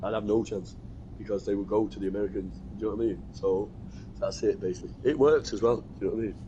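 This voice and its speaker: A man's voice: fairly low pitch, steady tone, fast talker, dark tone, dull audio, a little hiss or hum. A British man hosting a gaming stream, rambling through stories in casual chat and swearing freely. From Britain. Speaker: gaming channel host.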